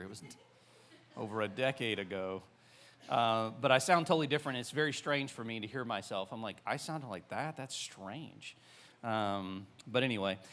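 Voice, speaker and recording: A Southern American man in his forties preaching to his congregation. He keeps it loose and chatty, with frequent ums and restarts. His voice sits at an average pitch. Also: a bit bright, smooth. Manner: conversational, many fillers and restarts. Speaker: pastor. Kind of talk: sermon.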